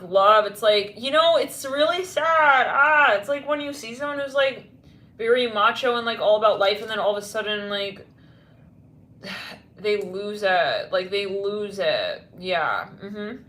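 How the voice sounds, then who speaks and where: A woman's voice: medium pitch, unhurried, fairly bright tone, echoey room. A woman giving a casual tarot reading, rambling and blunt with lots of fillers. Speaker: tarot reader.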